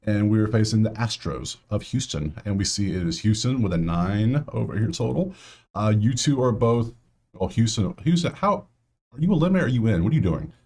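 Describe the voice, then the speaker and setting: A man's voice: lowish voice, lively intonation, fairly quick, darkish tone. A man hosting a casual solo sports betting breakdown, talking straight to players and viewers with grumbling asides.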